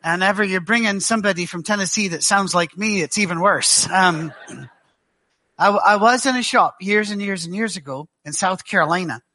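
A middle-aged man with a Glaswegian accent gives a guest sermon, his high voice pushed and bright. He tells stories to the church with dry humor, halting and restarting as he goes.

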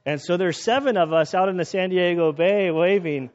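Animated preaching man, lo-fi sound. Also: high-pitched, moderate pace, hardly any pauses. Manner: conversational, animated storytelling with restarts. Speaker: pastor. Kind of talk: sermon. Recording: dull lo-fi recording.

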